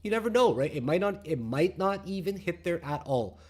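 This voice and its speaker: A brash man with a slightly raised voice hosts a crypto trading show. He talks crudely and bluntly, mocking panicked viewers with loud jeers, then settles into a calmer tone to walk through the charts. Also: a little fast. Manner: calmer, lower explanatory tone while reading charts. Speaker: crypto trading channel host. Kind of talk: profane, excitable market commentary.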